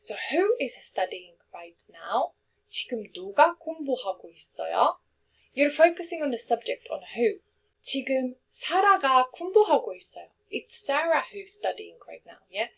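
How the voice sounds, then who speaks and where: Patient woman teaching grammar, slightly high. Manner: clear, patient, checks in with "okay?" and "yeah?"; reads example sentences quickly, translates slowly. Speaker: language teacher. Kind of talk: explaining grammar with example sentences.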